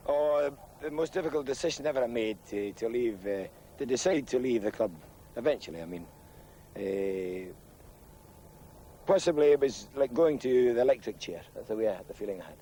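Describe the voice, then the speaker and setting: A former manager in an archive interview, speaking hesitantly and emotionally. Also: male voice, medium pitch, animated, moderate pace, warm tone, slight background noise.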